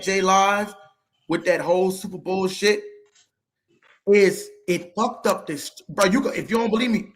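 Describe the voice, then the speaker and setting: A man co-hosting a casual sports podcast, talking in an animated, heated and profane way. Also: on the high side. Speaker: podcast co-host.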